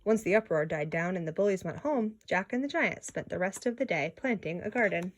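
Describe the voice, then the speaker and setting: A woman reading a children's story aloud in an expressive way, with small slips and restarts. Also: mid-range voice, a little fast. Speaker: storybook reader.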